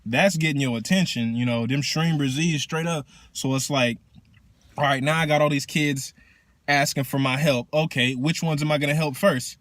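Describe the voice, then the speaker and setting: A man who works as a teacher casually explains spiritual practice in slangy, profane, animated talk. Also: a little high, normal speed, no room sound.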